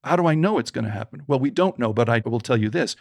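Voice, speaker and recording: A man in his sixties, a podcast guest telling a story from his childhood in an animated way and voicing the people in it. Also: medium pitch, fast, creaky, no echo, studio quality. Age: 60s.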